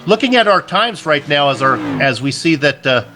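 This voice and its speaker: A man's voice: fairly high pitch, big pitch swings, moderate pace, sharp tone. A man doing conversational commentary for a sim racing broadcast, asking his co-host questions. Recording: clear background noise.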